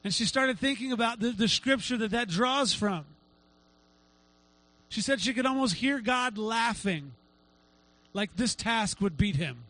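A middle-aged male pastor preaching a sermon, telling a story with lively acted-out quotes. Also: very high voice, a little slow, pauses often, dry recording, poor audio. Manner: animated storytelling, acts out quotes.

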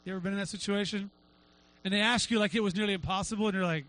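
High, bright-voiced animated preacher man. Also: rapid-fire, rough recording. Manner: animated storytelling, acts out quotes. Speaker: pastor. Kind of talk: sermon.

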